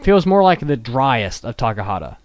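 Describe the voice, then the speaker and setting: A man's voice: mid-range voice, very animated, moderate pace, dry recording. A man hosting a casual podcast chat, blunt and opinionated. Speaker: podcast host.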